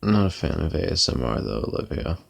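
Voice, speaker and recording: A tired, yawning man chatting on a casual live stream in a lazy, deadpan monotone. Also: quick pace, vocal fry, breathy edge. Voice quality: monotone delivery. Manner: lazy, low-energy, deadpan. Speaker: livestreamer. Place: at home, lying back comfortably.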